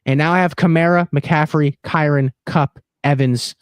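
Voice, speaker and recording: A man's voice: fairly high pitch, fairly even intonation, smooth, no room sound, clean studio sound. A young man co-hosting a fantasy football livestream, joking and teasing while rattling off start and sit picks. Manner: joking, mocking, rapid-fire picks. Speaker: fantasy football stream co-host. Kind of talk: casual livestream banter.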